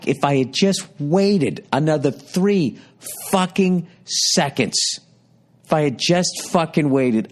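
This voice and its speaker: A man in his fifties hosting a podcast, telling a rambling, exasperated story full of heavy swearing. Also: mid-range voice. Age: 50s. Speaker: podcast host. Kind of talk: profane comic storytelling monologue.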